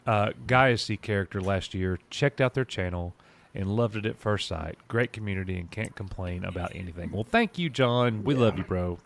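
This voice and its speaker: A man's voice: fairly low pitch, normal speed, creaky, slight background noise. A man who creates YouTube content, talking casually and directly on a live stream, rambling and laughing easily.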